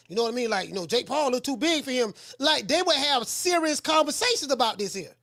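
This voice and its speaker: A man hosting a call-in boxing talk show, chatting in a relaxed, rambling way that circles back and repeats points. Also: very high voice, brisk, few pauses, no room sound, clean studio sound. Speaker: boxing coach and show host.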